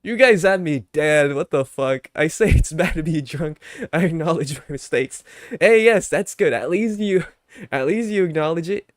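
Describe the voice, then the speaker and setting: A man's voice: fairly high pitch, animated, moderate pace, dry recording, clean studio sound. A young man chatting casually on his live stream, ranting with mock anger at his chat, then laughing and apologizing.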